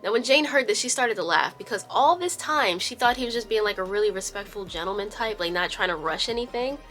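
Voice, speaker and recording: Woman host, casual storytime narrator, mid-pitched, blunt and sassy, light music bed. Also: bright, forceful tone. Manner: sassy, blunt, swears freely in asides.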